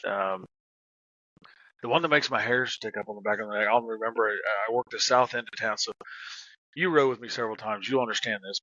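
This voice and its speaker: A man's voice: on the low side, bright, forceful tone, dry recording, highs cut off. A middle-aged man and former police officer, casually telling stories on a podcast, laughing and swearing as he goes. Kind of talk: casual storytelling.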